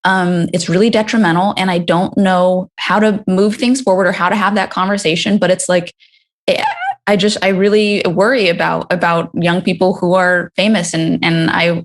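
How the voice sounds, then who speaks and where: Hesitant young woman on a video call. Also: lowish voice. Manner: hesitant, halting, restarts often. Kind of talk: casual video-call conversation.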